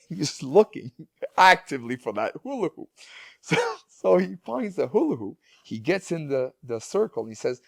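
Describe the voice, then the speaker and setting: A man's voice: on the high side, sing-song, normal speed, gravelly, dry recording, clean studio sound. A man who is a guest speaker and parent, telling stories in a casual interview with many restarts and repeated words.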